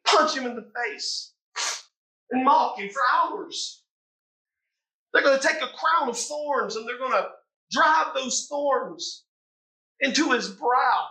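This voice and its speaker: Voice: high-pitched, expressive, slow, pauses often, sharp tone, rough recording. A preacher delivering a sermon in a dramatic, impassioned storytelling manner.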